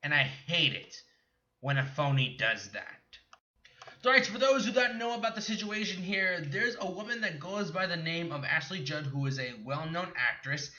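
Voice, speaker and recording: Young man, angry profane rant, sharp strained voice, dull lo-fi recording. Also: a little high, animated, normal speed. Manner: profane, mocking, shouts in bursts. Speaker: gaming commentary vlogger. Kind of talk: angry ranting commentary.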